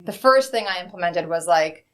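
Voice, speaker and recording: A woman's voice: fairly low pitch, expressive, moderate pace, fairly bright tone. Frank, chatty woman executive. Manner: frank, conversational storytelling. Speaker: guest, bank executive. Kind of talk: candid interview answers.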